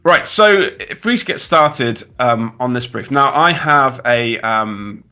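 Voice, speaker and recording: A man's voice: mid-range voice, expressive, slow, pushed and bright, clear, resonant tone. A man from the UK in his thirties with a British accent, chatting casually as a guest designer on a livestream, rambling with many restarts.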